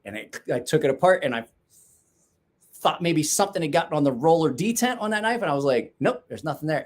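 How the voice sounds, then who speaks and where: A man in his forties hosting a casual knife-sharpening chat show from his garage, rambling, swearing and laughing often. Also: medium pitch. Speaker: knife sharpening podcast host. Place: home garage.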